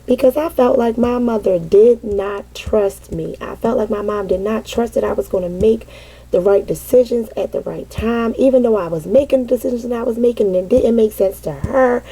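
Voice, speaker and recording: A middle-aged mother telling a candid, casual personal story, animated and peppered with cursing. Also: a little high, moderate pace, breathy edge, poor audio. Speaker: mother sharing parenting experience.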